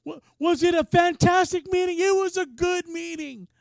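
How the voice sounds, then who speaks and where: A male preacher with a strikingly high voice delivers a passionate, casual sermon, dropping to near-whispers and rising to shouts. The sound is close and dry, with almost no room echo. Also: steady tone, moderate pace, gravelly. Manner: passionate, swings from quiet to shouting; casual, says "man" often.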